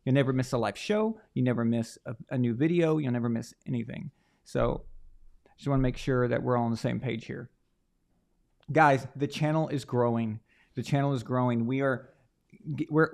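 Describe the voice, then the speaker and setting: A man at an everyday middle pitch hosts a football watch-along stream. He chats loosely with his viewers and keeps tripping over his own words as he goes. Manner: chatty, rambling with frequent restarts. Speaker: live stream host. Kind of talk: casual live stream chat.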